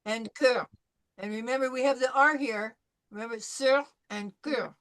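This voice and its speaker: A woman with a slightly high voice leads a language class through pronunciation drills. She sounds each syllable out slowly, says it again, and answers every attempt with patient encouragement. She turns from student to student by name. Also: fairly bright tone, slight background noise. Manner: models sounds slowly and repeats them. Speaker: French teacher.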